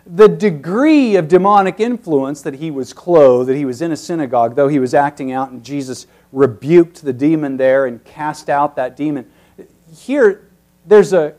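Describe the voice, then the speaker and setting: A man with a fairly high voice delivering an expository sermon. He explains the text like a teacher. His volume swings from forceful, emphatic peaks down to hushed, almost whispered stretches. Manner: teacherly, rising to emphatic peaks then dropping very soft. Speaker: preacher.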